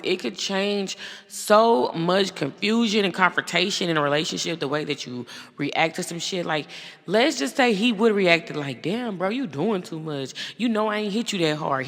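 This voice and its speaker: A woman hosting a podcast, giving blunt, profane, animated commentary in a casual way. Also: fairly low pitch, in a large hall. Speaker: podcast host.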